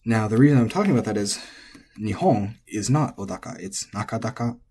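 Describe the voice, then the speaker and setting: A man who is not a native speaker, teaching pitch accent in an informal way, thinking aloud with asides and restarts. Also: fairly quick, warm tone, slight background noise. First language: English. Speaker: language teacher. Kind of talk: explaining Japanese pitch accent.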